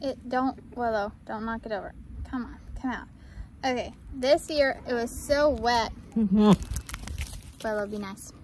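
Her voice is a little high and a little mellow, at a measured pace with long pauses. A farm vlogger, she chats casually while coaxing her animals outdoors, with faint noise and the sounds of farm animals and the outdoors in the background.

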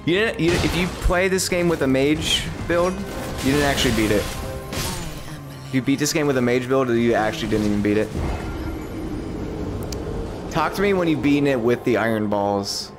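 Young man, game streamer, live commentary, swears a lot, sudden high yelps, clear music behind. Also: normal speed, long pauses.

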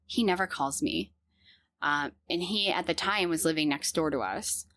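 Earnest low-pitched woman telling her story. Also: a bit bright, no echo. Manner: earnest, halting, with frequent fillers and restarts. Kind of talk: personal storytelling.

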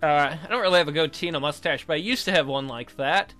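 Man, let's player, high bright voice, rambling jokey commentary, faint music under. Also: fast talker. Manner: joking, rambling, swears freely. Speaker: video game let's player. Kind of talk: casual gameplay commentary.

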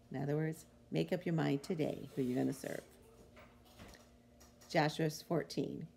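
A woman hosting a devotional, reading Bible verses aloud with short, expressive reflections that swing between emphatic and hushed. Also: low-pitched, normal speed, vocal fry, slightly rough. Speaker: devotional podcast host.

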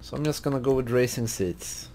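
A man hosting a gaming video, relaxed and thinking aloud as he browses car parts in casual commentary. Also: medium pitch, a little fast, a little hiss or hum. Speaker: gaming channel host.

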